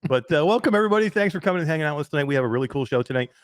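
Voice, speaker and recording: A man with a New York accent hosts a live podcast from his home. He rambles excitedly, full of fillers and restarts. The sound is close and dry. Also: a little high, rapid-fire, clean tone, dry recording. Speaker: host. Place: emptied home den.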